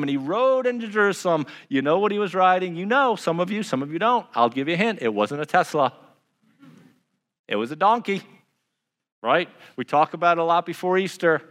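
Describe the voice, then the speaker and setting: A male pastor preaching a sermon in a relaxed, conversational way. He speeds up, then slows down and goes quiet. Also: a little high, in a large hall. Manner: conversational preaching, shifting from brisk to slow and hushed.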